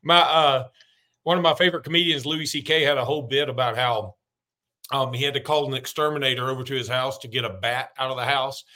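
A man's voice: mid-range voice, fairly even intonation, quick pace, sharp tone. A man co-hosting a sports podcast in casual chat, joking and rambling as he talks. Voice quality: slightly muffled from a mint. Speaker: podcast co-host.

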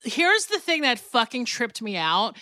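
A woman co-hosting a podcast, chatting casually and telling animated stories full of acted-out quotes and swearing. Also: fairly high pitch, unhurried, no room sound, clean studio sound. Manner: animated storytelling, acts out quotes, swears freely. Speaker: podcast co-host. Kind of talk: casual chat.

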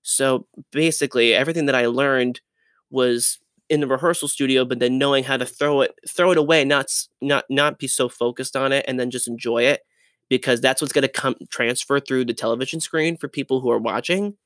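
A young man, a Broadway dancer, chatting as an interview guest, animated and laughing often as he tells stories. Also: medium pitch, a little fast, no room sound, clean studio sound. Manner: animated, laughs often, restarts and trails off mid-sentence. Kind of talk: casual interview storytelling.

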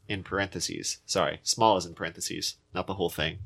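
Low, bright-toned man with wry quips. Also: brisk, creaky, hardly any pauses. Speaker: podcast co-host. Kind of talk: casual chat. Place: small studio.

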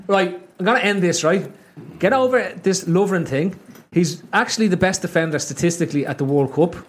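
Male host, higher register, relaxed banter leading a football chat. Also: a little fast. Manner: laid-back banter, wraps up topics. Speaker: podcast host.

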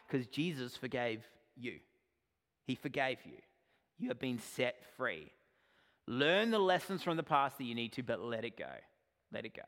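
A man preaching a sermon in a slightly higher voice, earnest and direct. He moves between emphatic points and quieter asides to his congregation. His voice rings with a long reverb through a large hall. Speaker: pastor. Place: church sanctuary.

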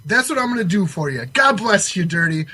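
A man doing a high, hoarse, fervent agent. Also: big pitch swings, brisk, exaggerated voice. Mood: pushy, fervent. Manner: fervent, preachy, yelling catchphrases. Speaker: podcast co-host. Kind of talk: comedic sketch impression of a pushy sports agent.

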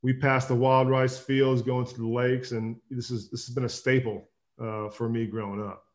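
A relaxed male guest from Minnesota in his thirties, speaking in an ordinary mid-range voice. He talks easily and lets phrases fade off quietly at the end. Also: medium pitch, normal speed. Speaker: guest, former football player. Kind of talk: casual interview chat.

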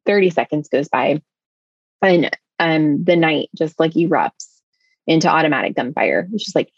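A woman telling a personal story in conversation, rushing along with many fillers. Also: deep voice, expressive, slightly rough, dry recording, dull audio. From United States. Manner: tumbling, filler-heavy storytelling with many likes. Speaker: interview guest.

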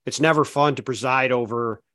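A man talking on a podcast panel in casual chat, laying out his analysis in a measured way with "I mean, look" fillers. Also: medium pitch, steady tone, a bit bright, no echo. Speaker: basketball reporter, podcast panelist.

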